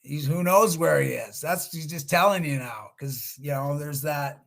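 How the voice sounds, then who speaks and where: A man's voice: on the high side, moderate pace, gravelly, a bit bright. A middle-aged man speaking as a guest on a video-call webinar, telling stories in a conversational way with restarts and quoted voices. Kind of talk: webinar storytelling.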